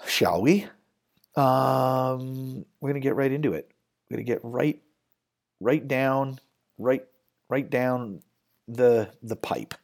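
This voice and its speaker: A man's voice: fairly low pitch, a little mellow. A man hosting a sports betting show, talking loosely and rambling with lots of fillers and restarts. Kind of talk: casual sports betting talk.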